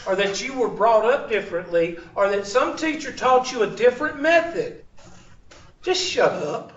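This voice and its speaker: His voice sits high with a fairly bright tone as he teaches math in a classroom. He is a blunt, joking storyteller prone to digressions, heard in a dull, distant, roomy lo-fi room recording of the lecture.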